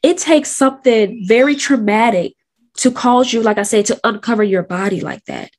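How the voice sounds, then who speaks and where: Candid woman in her thirties, slightly high. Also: very animated, normal speed. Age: 30s. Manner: candid, conversational, slangy. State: sick. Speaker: host. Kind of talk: casual personal storytelling.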